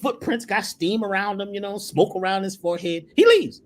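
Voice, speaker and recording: A man's voice: high-pitched, expressive, moderate pace. A man talking as a spiritual teacher, emphatic and preacherly, repeating phrases to drive his points home. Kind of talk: emphatic storytelling in conversation.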